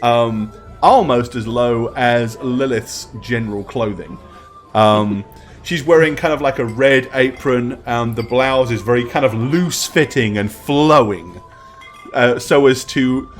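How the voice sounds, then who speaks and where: This mid-range male voice belongs to a dungeon master running a tabletop game. He lays out each scene in detail, often pausing and saying "um" along the way.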